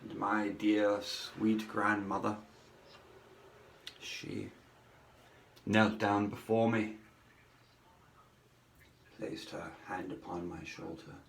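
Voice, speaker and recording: A man voicing an eccentric, melodramatic older woman who rambles theatrically, swinging between loud outbursts and hushed asides. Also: fairly high pitch, very animated, measured pace, a little hiss or hum. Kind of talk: comic character monologue. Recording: roomy echo with faint music.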